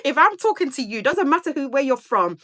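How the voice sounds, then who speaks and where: A woman's voice: high voice, sing-song, brisk, fairly bright tone. A talkative woman in her thirties from Sierra Leone, chatting casually and rambling to her viewers in a vlog. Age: 30s. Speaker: vlogger. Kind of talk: casual chat to camera.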